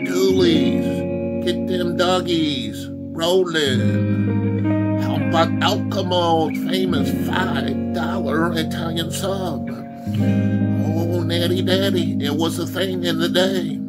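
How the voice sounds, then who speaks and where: Upbeat Detroit vlogger; slow, unhurried, exclamatory slideshow narration. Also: male voice, fairly high pitch, loud music behind the voice. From Detroit, Michigan. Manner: upbeat, exclamatory, keeps saying "oh".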